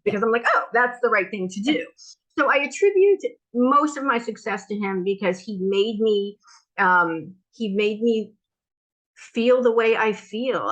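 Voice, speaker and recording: A woman guest answering an interview question in a lively, talkative way, likely in her fifties. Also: medium pitch, highs cut off. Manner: lively, talkative, self-described wild card. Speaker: guest, esthetician business founder.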